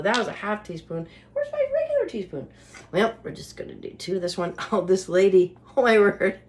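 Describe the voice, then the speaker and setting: A woman hosting a home cooking vlog, chatting to her viewers while cooking in her kitchen and laughing often. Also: a little high. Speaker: cooking show host.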